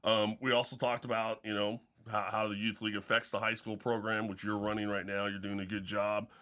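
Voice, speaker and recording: Bright-voiced man hosting a sports podcast. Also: lowish voice, little pitch movement, brisk. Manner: storytelling, many restarts and fillers. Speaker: podcast host and football coach. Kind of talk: casual podcast chat.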